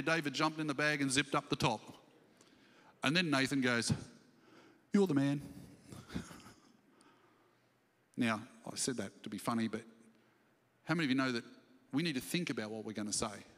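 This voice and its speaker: High, bright-voiced pastor preaching in a hall. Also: male voice. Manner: animated, acts out scripture stories, asks the congregation questions. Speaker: senior pastor. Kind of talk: sermon. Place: church hall. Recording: church livestream with long hall reverb.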